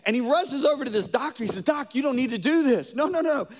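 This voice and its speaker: A man's voice: extremely high pitch, animated, fast. A man preaching a sermon, telling stories and quoting conversations, with frequent rhetorical questions.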